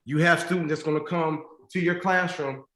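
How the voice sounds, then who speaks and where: A man's voice: a little high, steady tone, normal speed, fairly bright tone. A young man with a slightly raised voice speaks to a room of teachers. He builds his motivational speech through repeated phrases and rhetorical questions. The sound is roomy and echoey, as in a large event space. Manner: repetitive preaching cadence with rhetorical questions.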